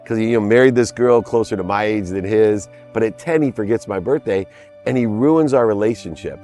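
Man, 50s, podcast guest, deep-ish voice, emphatic storyteller, light music bed. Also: a little fast, warm tone. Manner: emphatic, heartfelt storyteller who stresses key words. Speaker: interview guest. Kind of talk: personal storytelling in a podcast interview.

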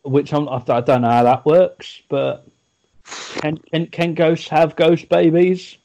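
Bloke, podcast co-host, rambling storyteller, loose casual chat. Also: male voice, a little high, steady tone, slow pace, gravelly, a little mellow, muffled recording.

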